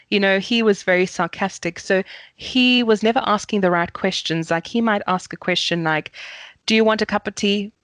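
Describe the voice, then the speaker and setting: A woman's voice: mid-range voice, no echo. South African female communications coach, explains patiently and demonstrates, dry recording. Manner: explanatory, demonstrates intonation examples. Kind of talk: podcast interview, explaining.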